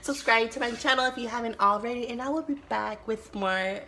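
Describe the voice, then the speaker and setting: A young adult woman from the United States tells a storytime vlog in a casual, animated way, swearing often and exclaiming a lot. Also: fairly high pitch, fairly quick, noisy background. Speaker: YouTuber.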